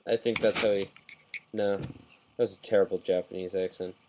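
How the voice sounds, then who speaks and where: A man talking through a model kit review in a casual, rambling way, getting excited and often correcting himself mid-sentence, recorded on a webcam mic. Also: low-pitched, moderate pace, dull audio, a little hiss or hum.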